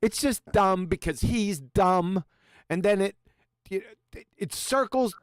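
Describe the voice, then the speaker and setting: Blunt, lively-voiced male host. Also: high-pitched, dry recording, studio quality. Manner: blunt, profane, mocking. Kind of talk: casual live-stream panel chat.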